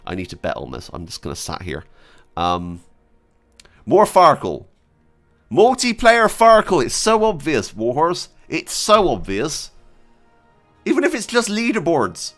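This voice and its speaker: Brief: young streamer, jokey and animated, faint music behind. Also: male voice, fairly high pitch. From Britain. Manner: excitable, jokey, giggly. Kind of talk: casual gaming chat.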